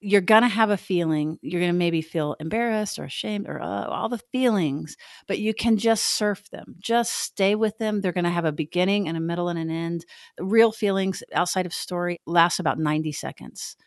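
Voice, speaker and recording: Frank, lively woman therapist co-host. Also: on the low side, normal speed, dry recording, studio quality. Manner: frank, animated, self-deprecating. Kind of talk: casual conversational advice.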